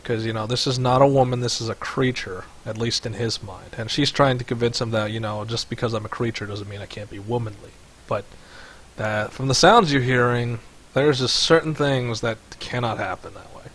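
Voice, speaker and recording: A man's voice: mid-range voice, fairly even intonation, moderate pace, fairly bright tone. A man running a tabletop game as game master over voice chat, rambling with many fillers. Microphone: headset or desk mic on voice chat.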